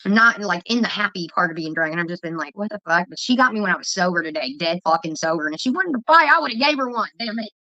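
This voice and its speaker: A woman's voice: lowish voice, animated, fast talker, few pauses, sharp tone, no echo. A woman vlogger telling heated, profane stories in casual livestream chat, with dull lo-fi audio.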